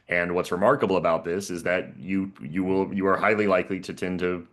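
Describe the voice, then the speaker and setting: A man on a video call panel explaining a tool in a casual, halting way, often repeating words and chuckling. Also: low-pitched, level tone, a bit bright. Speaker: panelist and professor.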